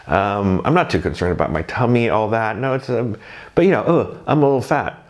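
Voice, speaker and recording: Low-voiced man in a rambling chat. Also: lively intonation, brisk. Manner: rambling, self-deprecating, chatty. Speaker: drag performer reflecting on first night. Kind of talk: casual rambling monologue.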